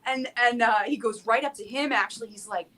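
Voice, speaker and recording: With a fairly high pitch and a fairly quick pace, this young South Florida woman, a guest singer-songwriter, chats in a casual way. Her storytelling is animated and full of "like" and false starts.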